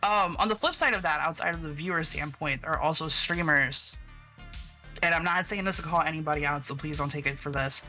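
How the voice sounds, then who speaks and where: A streamer guest on a casual podcast, rambling through stories full of fillers, swear words and acted-out quotes. The voice has a sharp, forceful edge at a middle pitch, with faint music in the background. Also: brisk. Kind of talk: casual chat.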